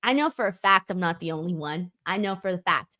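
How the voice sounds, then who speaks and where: A woman's voice: on the low side, lively intonation, brisk, sharp tone. A young woman co-hosting a wrestling review livestream, laughing often and joking about herself as she reads viewer comments aloud. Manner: laughs often, jokey and self-deprecating. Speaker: co-host of a wrestling review show. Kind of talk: casual livestream chat, reading viewer comments.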